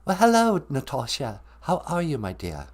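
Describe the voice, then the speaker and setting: A man putting on a dead male English rock star's ghost with an English accent, speaking in a soft, formal, courtly way. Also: fairly high pitch, huge pitch swings, moderate pace, pitched above the performer's own voice, heavily acted. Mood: polite.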